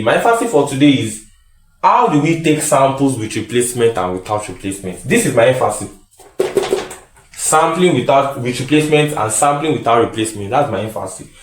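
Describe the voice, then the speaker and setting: Man, statistics tutor, lecturing, repeats phrases, asks and answers own questions, medium pitch, roomy echo. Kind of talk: classroom lecture. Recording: echoey room.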